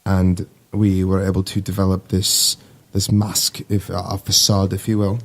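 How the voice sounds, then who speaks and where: A man's voice: sits low, completely flat delivery, unhurried. A man in his twenties, a navy sailor telling stories as a guest in a casual podcast conversation, rambling and easygoing with lots of fillers. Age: 20s.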